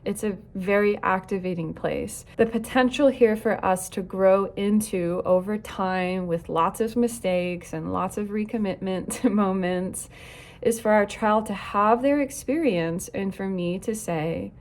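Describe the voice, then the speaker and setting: A woman's voice: medium pitch, unhurried. A woman teaching parents in an earnest, reflective way, now and then acting out short quoted lines. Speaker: parenting educator. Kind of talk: recorded talk on parenting.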